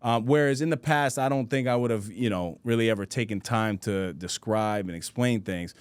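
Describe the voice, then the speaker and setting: A man's voice: lowish voice, normal speed, smooth, no echo. A man in his thirties hosting a podcast, telling stories in casual, slangy chat and laughing easily. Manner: loose slangy talk, says bro a lot, laughs easily. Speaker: podcast host.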